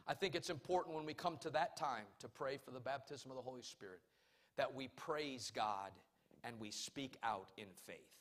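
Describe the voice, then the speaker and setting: A male pastor preaching a sermon in church. He swings between loud, emphatic calls and quiet, personal storytelling. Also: medium pitch, normal speed.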